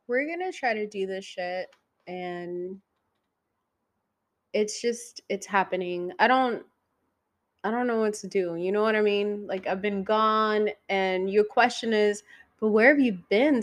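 A woman in her thirties hosting a casual solo podcast, swearing freely and teasing the listener directly, her voice going high when she gets excited. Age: 30s. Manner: profane, teasing, talks straight to the listener. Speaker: podcast host.

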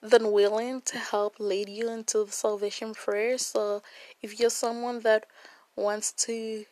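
Woman doing a bible talk, slow and heartfelt, kinda high voice, dry close sound. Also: little pitch movement, no room sound. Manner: warm, earnest and emotional, with many fillers and laughs. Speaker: Bible study host. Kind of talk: casual devotional talk to viewers.

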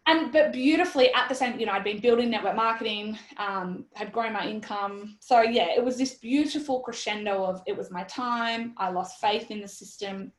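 An Australian woman in her thirties telling a story in an interview, animated and blunt, quoting herself and swearing freely. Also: a little high, normal speed, few pauses. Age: 30s. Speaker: guest. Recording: roomy echoey sound.

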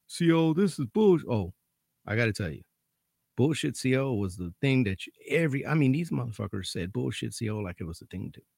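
A man with a low, gravelly voice tells a story from his days as a corrections officer. He talks casually, swears freely and sounds dryly amused. His pitch swings widely, and the recording is close and dry. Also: animated, fairly quick, darkish tone, no room sound. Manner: profane, laid-back, dryly amused. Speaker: corrections officer telling prison stories.

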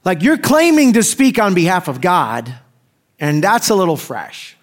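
A middle-aged man delivers a relaxed, conversational sermon as a pastor. His voice sits a little higher than most men's. He jokes freely and slips into the voices of the people in his stories. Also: unhurried. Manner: conversational and joking, acting out quoted voices. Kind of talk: casual sermon.

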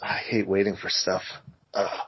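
A man with a gravelly, husky voice tossing off dry deadpan jokes in casual podcast talk. He mumbles through his lines without much lift. The audio is slightly dull and lo-fi. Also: sits low, unhurried. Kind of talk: casual banter.

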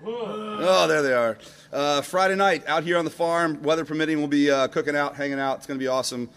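A man's voice: a little high, fairly quick, fairly bright tone. A middle-aged man preaching a casual, upbeat sermon to a live congregation, talking loosely with fillers and asides. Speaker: pastor. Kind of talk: conversational sermon. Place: church service before a live congregation.

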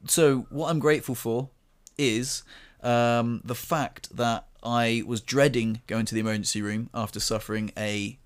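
A man's voice: mid-range voice, a little slow, few pauses, clean tone. A man on a podcast telling a personal story in casual chat, laughing often and acting out what people said. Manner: animated storyteller, acts out quotes, laughs often, swears. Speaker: podcast co-host.

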